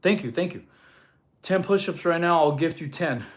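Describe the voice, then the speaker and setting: A man coaches fitness on a casual live stream, reading chat questions aloud in a relaxed way and laughing often. His voice sits on the high side at a normal speed.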